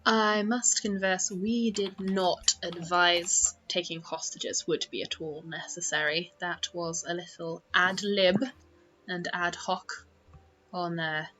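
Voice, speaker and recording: A woman voicing a gentle, pink-eyed male fey creature in a tabletop game, speaking calmly and formally. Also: on the low side, takes it slowly, slight background noise, low-quality recording. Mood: serene. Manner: calm, formal and patient. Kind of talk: tabletop game role-play.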